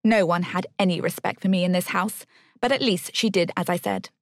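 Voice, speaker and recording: A woman's voice: lowish voice, a little fast, no room sound, clean studio sound. A woman narrating a first-person novel in a wry, bitter tone.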